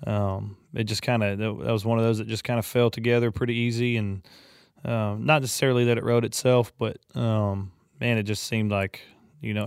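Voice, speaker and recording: A man's voice: on the low side, clear, resonant tone, dry recording, clean studio sound. A man, a touring singer-songwriter, chatting casually as a podcast guest in a laid-back, rambling way, often saying "man". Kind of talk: casual interview chat.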